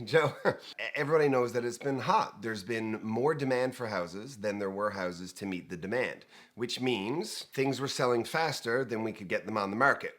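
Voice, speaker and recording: A man hosting a real estate talk show, chatting casually with jokes and rambling asides. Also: fairly low pitch. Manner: lively, joking, rambling asides. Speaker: host.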